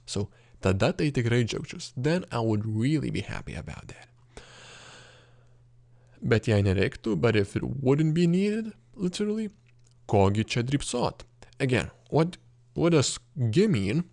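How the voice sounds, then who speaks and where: A man with a Lithuanian accent teaching a language lesson, explaining grammar patiently with many fillers and throat clearing. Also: mid-range voice, a little mellow, no echo.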